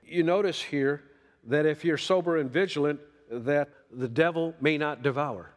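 A man's voice: a little high, moderate pace, in a large hall. A man preaching a sermon in a folksy way, reading scripture and acting out quoted voices. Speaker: pastor.

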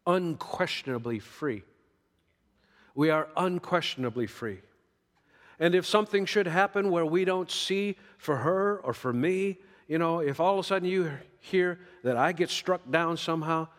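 A middle-aged man preaching a sermon, folksy and emphatic, jumping up for emphasis and dropping to a hush. He is in a church sanctuary. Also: on the high side, expressive, unhurried. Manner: folksy, emphatic preaching with sudden rises and soft drops. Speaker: pastor. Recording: long hall reverb.

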